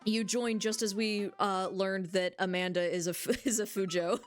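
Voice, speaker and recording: A woman's voice: mid-range voice, fairly even intonation, normal speed, hardly any pauses, soft background music. Giggly young woman streaming a game. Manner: giggly, joking, swears freely. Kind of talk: casual game commentary.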